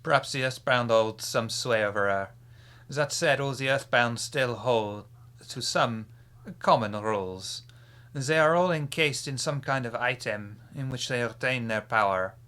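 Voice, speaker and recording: A courteous, scheming French vampire speaks from under his hood in a rasp, performed by a male game master. The voice is bright and pushes forward, formal and gracious with a sly edge. This is live-streamed tabletop role-play. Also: medium pitch, a little slow. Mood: courtly. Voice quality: raspy, put-on French accent. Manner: formal and gracious, ends remarks with a teasing "huh?".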